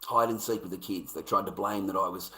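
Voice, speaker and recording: An Australian man talking straight to his viewers in a rambling, profane monologue, repeating himself and swinging between loud rants and low mutters. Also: steady tone, fairly quick.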